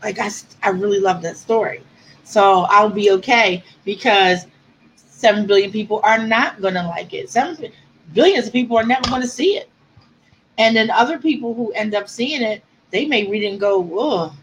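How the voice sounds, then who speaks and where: A woman's voice: medium pitch, moderate pace, slight background noise, rough recording. A woman author chatting with her viewers on a livestream, answering comments and close to tears at times. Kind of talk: casual livestream chat.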